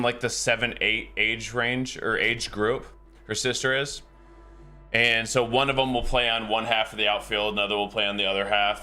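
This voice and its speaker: A man's voice: lowish voice, sharp tone. A game streamer, a man, chatting casually with his live viewers in a rambling, easygoing way and chuckling often.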